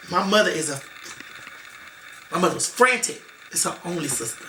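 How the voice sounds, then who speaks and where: Woman guest, emphatic and emotional storyteller, sharp bright tone, faint background hiss. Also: fairly low pitch, animated, moderate pace, pauses often. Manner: emotional, repetitive, emphatic, acts out quoted relatives. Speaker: interview guest. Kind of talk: emotional personal storytelling in an interview. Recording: echoey room.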